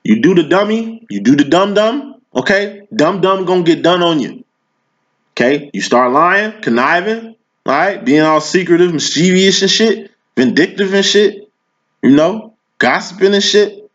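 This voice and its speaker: A man's voice: sits high, lively intonation, normal speed, fairly bright tone. A man giving a casual tarot reading, talking in slang and preaching, always checking in with "you know what I'm saying". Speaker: tarot reader. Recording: dull lo-fi recording.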